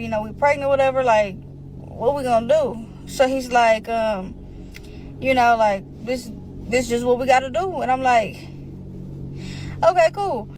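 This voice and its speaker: A woman's voice: fairly high pitch, darkish tone, a little hiss or hum, rough recording. A woman casually telling her own story, rambling, with slang and a lot of filler words.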